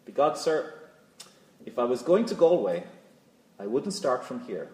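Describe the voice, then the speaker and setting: A man voicing a rural Irish local who gives a dry, deadpan answer in a sermon joke. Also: mid-range voice, measured pace, roomy sound, recorded from a distance, background noise. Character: dry old Irish country man giving directions.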